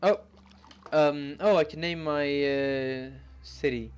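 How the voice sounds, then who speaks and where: A man's voice: fairly high pitch, steady tone, slow pace, clean tone. A young man casually talking through a strategy game as its channel host, reading tutorial text aloud and rambling with self-mocking asides and lots of ums. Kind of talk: casual let's-play commentary, reading on-screen text aloud. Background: game music.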